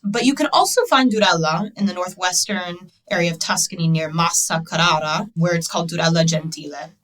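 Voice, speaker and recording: A woman's voice: fairly low pitch, a little fast, fairly bright tone, distant mic. An American woman hosting a podcast interview, bubbly and playful, laughing often and teasing her guest. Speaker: podcast host. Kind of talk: casual interview chat.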